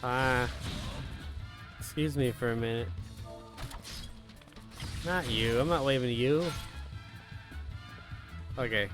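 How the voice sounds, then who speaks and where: A man's voice: medium pitch, slow, pauses often, over music. A man streaming a game, making offhand, joking asides as casual commentary.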